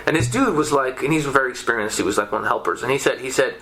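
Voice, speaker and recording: Fast, bright-voiced man telling a wild story. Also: mid-range voice. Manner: profane, animated, many restarts. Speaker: podcast guest. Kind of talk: casual storytelling.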